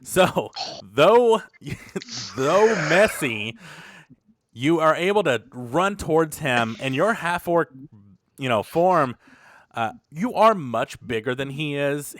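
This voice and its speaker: A man's voice: mid-range voice, fairly bright tone, no room sound. Man narrating a tabletop game, dry close sound. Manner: loose, conversational narration with fillers. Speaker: game master.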